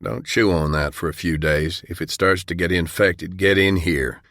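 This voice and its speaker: Man narrator playing a cheerful, low-voiced small-town dentist; matter-of-fact, dry studio read. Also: normal speed, fairly bright tone, no echo.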